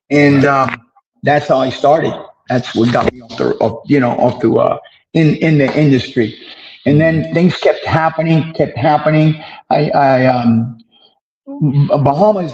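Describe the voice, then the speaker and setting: An older man, an interview guest, telling stories from his past in a casual, animated way and acting out the dialogue. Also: fairly high pitch, highs cut off, slight background noise. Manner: animated storyteller who acts out dialogue.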